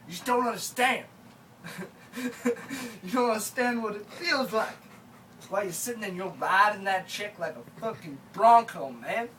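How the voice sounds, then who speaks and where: A man's voice: high-pitched, pushed and bright, distant mic, slight background noise, rough recording. A man performing a rambling, mock-sorrowful comic monologue. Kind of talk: comedic character monologue.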